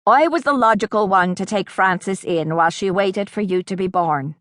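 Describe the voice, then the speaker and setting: A woman reading an audiobook, voicing a kindly, gentle uncle who is a big farmer, in an earnest, reassuring way. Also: mid-range voice, normal speed, dry recording, clean studio sound, lightly acted.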